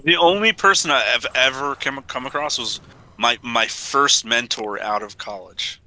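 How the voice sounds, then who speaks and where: A man's voice: medium pitch, normal speed, pushed and bright, slight background noise, rough recording. A man in his forties streaming a game, telling rambling stories and laughing often. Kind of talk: casual gaming chat.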